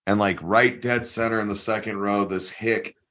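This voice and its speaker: A man's voice: fairly low pitch, steady tone, moderate pace, fairly bright tone. A man telling a story in casual podcast chat, acting out quoted lines and laughing often. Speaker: podcast co-host.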